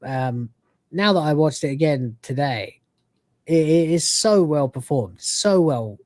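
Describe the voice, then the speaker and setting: A man's voice: fairly high pitch, lively intonation, measured pace, darkish tone, no echo. A man hosting a casual review podcast, rambling with many fillers and acting out quoted lines. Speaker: podcast host.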